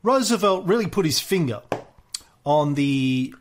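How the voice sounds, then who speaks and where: Male podcast co-host, high and animated voice, jokey storyteller. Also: a little slow, slight background noise. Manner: jokey storytelling with frequent "uh" fillers. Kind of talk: casual chat.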